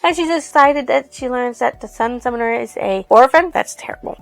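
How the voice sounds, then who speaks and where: A woman's voice: fairly high pitch, animated, moderate pace, gravelly, dry recording, faint music behind. A woman casually retelling a book's plot for a review, rambling loosely with many fillers and some casual swearing. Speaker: book reviewer.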